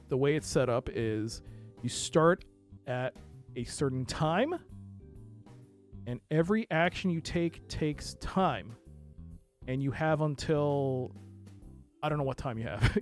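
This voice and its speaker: A live streamer giving chatty let's play commentary, rambling with self-correcting asides and breaking into loud yelps and laughter while playing. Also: mid-range voice.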